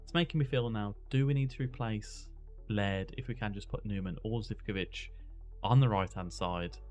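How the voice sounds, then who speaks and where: A young man giving excitable match commentary while playing a football management game, mixing play-by-play with musing on tactics. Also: fairly low pitch, moderate pace, faint music behind. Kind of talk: gameplay commentary.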